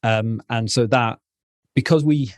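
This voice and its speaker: A man's voice: medium pitch, unhurried, no echo, studio quality. A man, a podcast guest, frankly telling personal stories in casual interview talk and swearing freely. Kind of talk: candid conversational interview.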